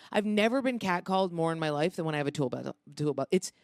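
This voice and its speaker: A woman's voice: lowish voice, fast talker, few pauses, a little mellow, no room sound, studio quality. A woman comedian telling brash, blunt stories as a podcast guest.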